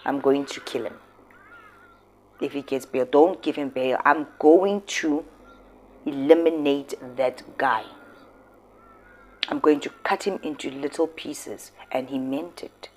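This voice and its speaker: Speaking slowly in a very deep voice and pausing often, a South African commentary host talks expressively and emphatically in a casual style, slipping into local words.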